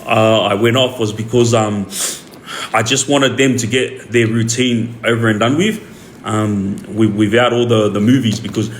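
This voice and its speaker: An older man telling a story casually on a livestream, acting out the shouting of the people in it with lively jumps in his voice. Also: lowish voice, measured pace. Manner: animated retelling, acts out the police shouting. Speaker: streamer. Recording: echoey room with faint ambient noise.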